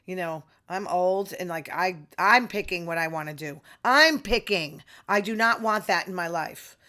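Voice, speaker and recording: A woman's voice: on the low side, moderate pace, sharp tone. A middle-aged woman, hosting a casual opinion monologue with sarcastic asides. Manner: chatty, sarcastic asides, quoting others in voices. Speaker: podcast host.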